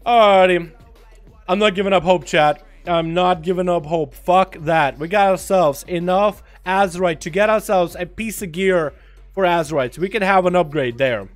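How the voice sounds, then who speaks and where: A man streaming a game, chatting casually to his viewers, profane and excitable with sudden loud outbursts. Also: high voice, moderate pace, faint music behind. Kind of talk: casual livestream commentary.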